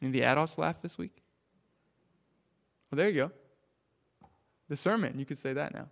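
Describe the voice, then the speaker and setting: A man leading a children's sermon, asking the kids questions and swinging from loud emphasis down to a near hush. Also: a little high, normal speed, creaky. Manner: animated, drops to a hush for emphasis. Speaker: pastor.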